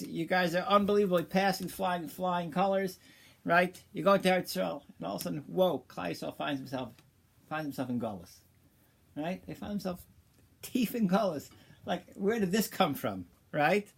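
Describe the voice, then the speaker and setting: In a high, gravelly voice, a man gives a relaxed Torah lesson through a story. He stops and restarts a lot, mixes in Hebrew and Yiddish terms, and becomes animated while building toward his point.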